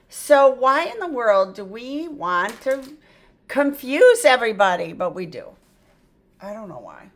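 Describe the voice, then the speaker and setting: Slow, chatty woman reading tutor. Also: lowish voice, vocal fry. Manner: chatty, self-interrupting, thinks aloud. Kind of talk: phonics lesson at a whiteboard.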